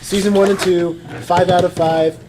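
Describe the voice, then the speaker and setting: A man's voice: high voice, little pitch movement, moderate pace, heavy background noise. A man hosting a casual podcast, steering the talk and giving ratings. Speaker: podcast host. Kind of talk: casual group chat about cartoons.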